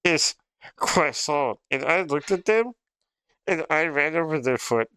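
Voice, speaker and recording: A man's voice: on the high side, lively intonation, moderate pace, bright, forceful tone, smooth, no echo. A young man livestreaming in casual chat, rambling and swearing with frequent laughs. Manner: rambling, profane, laughs often.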